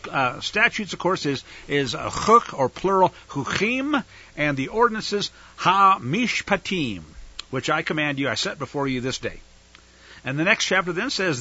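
A man's voice: a little high, pushed and bright, slightly rough, no room sound, lo-fi sound. A man teaching a scripture study, reading verses aloud and explaining them, leaning hard on key words with growing emphasis. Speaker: Bible teacher.

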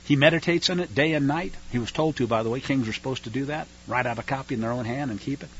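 A man's voice: mid-range voice, a bit bright, breathy edge. A man preaching a radio sermon in a fiery, emphatic and scornful way. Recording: dull lo-fi radio recording.

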